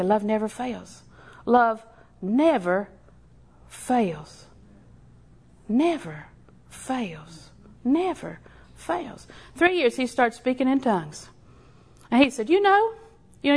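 An older woman preaching a sermon in a folksy, storytelling way, with slow emphatic repetition. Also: fairly high pitch.

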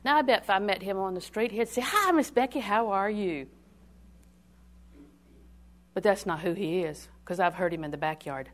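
An older woman preaching a sermon in a call-and-response style, swinging from loud declarations to hushed asides. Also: on the low side, quick pace, few pauses.

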